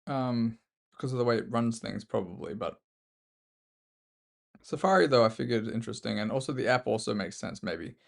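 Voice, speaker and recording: A man's voice: fairly low pitch, a little fast, vocal fry. A man with an Australian accent streaming chess, mumbling his thoughts and chatting to viewers between moves in a self-deprecating way. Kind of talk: casual live-stream commentary while playing chess.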